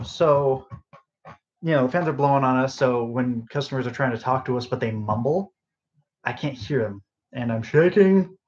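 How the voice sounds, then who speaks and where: A young, sleep-deprived podcast host with a mid-range voice tells a work story loosely, rambling with lots of fillers and side remarks. He records on a phone resting on a bedside table in his bedroom, so the sound is lo-fi with slight background noise.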